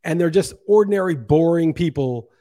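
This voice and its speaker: A man's voice: fairly high pitch, normal speed, mellow. A man co-hosting a podcast, talking in a heated, profane rant during casual chat. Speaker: podcast co-host.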